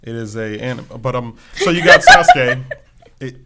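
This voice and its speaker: A man co-hosting a podcast, chatting casually about a game. He sounds animated and laughs easily, his sentences full of "like" and restarts, in an ordinary middle-pitched voice. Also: normal speed, a crowd in the background. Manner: animated, laughing often, heavy use of "like". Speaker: podcast co-host. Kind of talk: casual chat.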